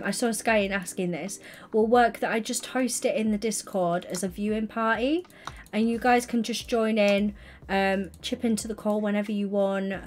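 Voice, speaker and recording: A young woman streaming live, chatting in a gushing, excitable way with sudden high squeals. Soft background music runs faintly behind her casual talk. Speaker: livestreamer.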